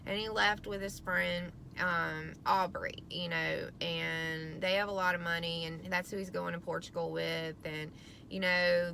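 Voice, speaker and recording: Gravelly-voiced woman venting, profane and rambling. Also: fairly low pitch, bright, forceful tone, a little hiss or hum. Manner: frustrated, profane, rambling with many ums. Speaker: vlogger, parent of a teenager. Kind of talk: casual venting to camera.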